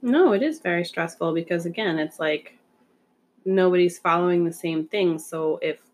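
A woman's voice: lowish voice, normal speed, darkish tone. A woman co-hosting a podcast in casual chat, sympathetic and chatty. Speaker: podcast co-host.

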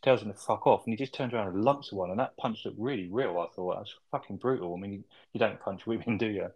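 A man's voice: fairly low pitch, quick pace, a little mellow, husky, highs cut off. A man co-hosting a casual film review podcast, recapping scenes in a rambling, sweary way with tag questions.

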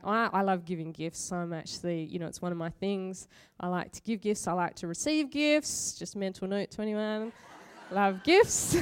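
A middle-aged woman preacher talks her way through a sermon like a friendly chat. She laughs easily and pokes fun at herself. Her voice is smooth and clear. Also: medium pitch. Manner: chatty, laughs often, self-mocking. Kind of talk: conversational sermon with personal stories.

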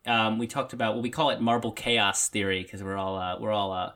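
A man's voice: fairly low pitch, little pitch movement, brisk, a crowd in the background. A man co-hosting a podcast in a laid-back, rambling way, often laughing. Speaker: podcast co-host. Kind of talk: casual podcast chat.

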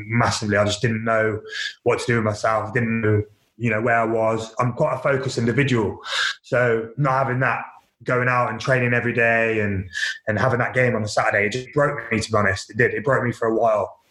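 A man's voice: medium pitch, a bit bright, echoey room. A man, a former professional footballer, telling his story candidly, repeating words and using lots of fillers. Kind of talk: casual interview storytelling.

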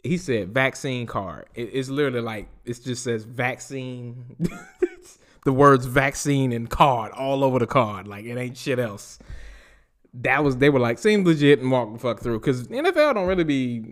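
This podcast host speaks with a Southern US drawl, reading out news items and joking about them with laughs and plenty of swearing. The voice is mid-range and a bit bright, with lively intonation at a normal speed.

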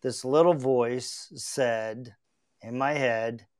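A middle-aged man speaks in an unhurried, measured way, his voice clean and rounded. He hosts a podcast and tells a personal story with heartfelt sincerity, often restarting his sentences as he reflects. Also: medium pitch, fairly even intonation, darkish tone. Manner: earnest and reflective, with frequent restarts. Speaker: podcast host.

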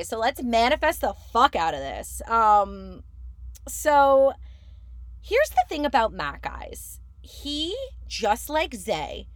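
A woman hosting a casual podcast, recapping reality TV in a chatty, animated way with many fillers and sudden high swings for emphasis. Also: slow, no room sound. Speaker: podcast host.

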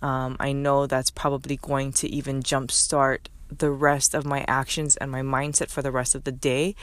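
A woman's voice: a bass voice, level tone, normal speed, no echo. Woman podcaster pepping herself up, candid motivational chat, dry close sound. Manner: candid, pep-talk tone, coaching herself aloud. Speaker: podcast host. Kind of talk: solo motivational podcast talk.

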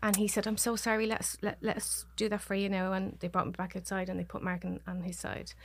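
A woman with a Dublin Irish accent, a podcast guest telling a personal story in halting, restarting sentences and voicing what others said. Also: mid-range voice, level tone. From Ireland. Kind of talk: personal story told in conversation.

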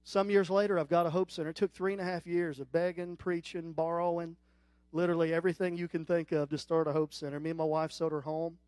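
A middle-aged man preaching with a high, bright-pitched voice, close and dry on the mic with little room sound. He tells his stories with growing energy and pushes up into loud, excited peaks. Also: fast, no echo. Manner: storytelling, rising to loud animated peaks. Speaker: guest preacher. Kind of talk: sermon.

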